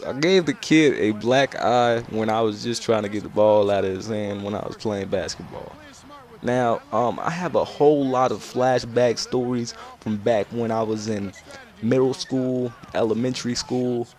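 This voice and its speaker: A man's voice: on the low side, darkish tone. A young man, telling a loose, rambling childhood story as casual gameplay commentary. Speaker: gaming commentator.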